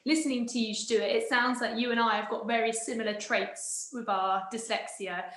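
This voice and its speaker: A woman's voice: fairly high pitch, steady tone, moderate pace, fairly bright tone. A woman in her thirties, co-hosting a casual interview and asking enthusiastic questions. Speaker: co-host. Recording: roomy echo.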